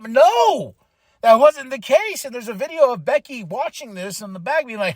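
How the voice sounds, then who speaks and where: A man with a high-pitched voice hosts his own podcast, talking through a wrestling show in a loose, excitable solo review. He laughs often and jumps into acted-out reactions. The sound is close and dry, with no room echo. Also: normal speed. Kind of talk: casual solo review monologue.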